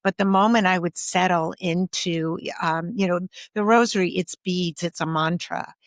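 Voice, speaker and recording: A fairly low-voiced woman with a steady tone speaks softly as a podcast guest, a grief and ancestral healer, in a reflective conversation. She's thoughtful and unhurried, often pausing with an um. The recording is dry and close, with no room sound.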